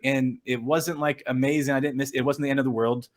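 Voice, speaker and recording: A middle-aged storm chaser and photographer speaks as a guest on a casual podcast in a medium-pitched, steady, fairly quick voice. His storytelling rambles, full of fillers and restarts, and he is earnest and open about his feelings.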